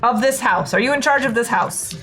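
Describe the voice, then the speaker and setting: A woman's voice: a little high, brisk, fairly bright tone, faint music behind. A woman playing in a tabletop game, reacting and questioning expressively. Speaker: player. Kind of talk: tabletop game role-play chat.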